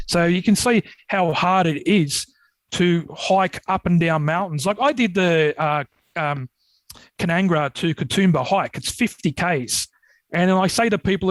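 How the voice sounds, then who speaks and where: Australian man, casual rambling yarns, slightly high voice, dry studio mic. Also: moderate pace, no room sound, low-quality recording. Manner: rambling, animated when retelling scares. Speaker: podcast guest, Yowie researcher. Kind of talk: casual storytelling.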